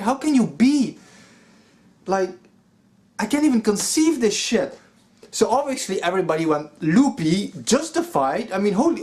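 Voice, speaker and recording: A man ranting in an exasperated, profane vlog commentary, full of fillers like "you know". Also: high-pitched. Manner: profane, exasperated, lots of filler like 'you know'. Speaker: metal vlogger. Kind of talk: angry commentary rant.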